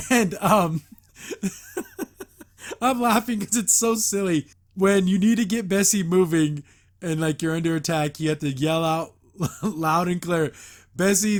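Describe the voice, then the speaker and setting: Male host, somewhat high-pitched, rambling casual recap, filler-heavy, laughs often. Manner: chuckles often while recapping. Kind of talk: casual episode review.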